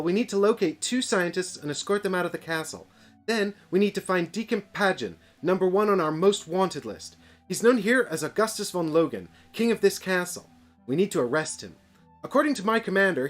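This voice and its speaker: A stiff, proper time agent who takes charge of the group and barks out the mission plan, as a man puts him on. The voice sits well above the performer's own and is pushed louder. It is a brisk, formal tabletop character voice with faint music underneath. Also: sits high, pitched above the performer's own voice.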